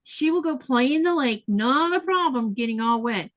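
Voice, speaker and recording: Chatty woman, sewing livestream host, fairly high voice, laughs a lot. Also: expressive, moderate pace. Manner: chatty, laughs often, reads viewer comments aloud. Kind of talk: casual livestream chat while sewing.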